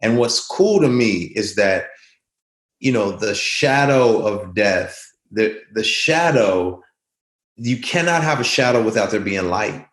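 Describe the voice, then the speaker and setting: A man's voice: lowish voice, expressive, slow pace, fairly bright tone. Earnest man in an echoey room. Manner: earnest, reflective storyteller. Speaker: guest. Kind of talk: conversational interview.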